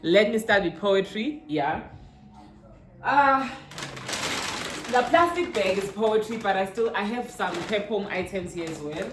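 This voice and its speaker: A young South African woman with a Zulu-inflected accent, a vlogger chatting through a shopping haul and mixing in Zulu words, her pitch jumping up when she gets excited. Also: measured pace, pauses often, background noise. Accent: South African, Zulu-inflected English. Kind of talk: casual haul unboxing chat. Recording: roomy echo with faint ambience.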